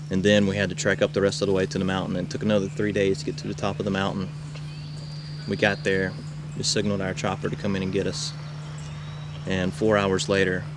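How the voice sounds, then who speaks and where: A man, a camp counselor, telling campers a wild tall tale, shouting out the characters' lines. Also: sits low. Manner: animated, shouts quoted lines. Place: outdoors at a rural camp. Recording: noisy outdoor camcorder recording.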